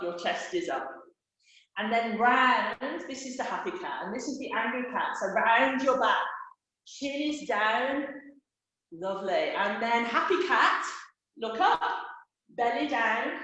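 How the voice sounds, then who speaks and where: A woman's voice: a little high, expressive, takes it slowly, sharp tone. A woman leading a live children's yoga class, giving playful, encouraging step-by-step cues. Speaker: kids yoga teacher. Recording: very echoey room.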